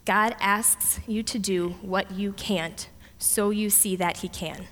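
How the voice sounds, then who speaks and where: A woman preaching a lively sermon, retelling a story with playful voices for the characters. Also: mid-range voice, slow pace. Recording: long hall reverb.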